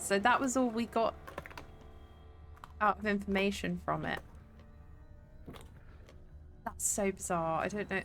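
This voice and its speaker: A woman's voice: a little high, fairly bright tone. A woman streaming a video game, chatting in a playful, sweary way as she plays. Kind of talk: casual gameplay commentary.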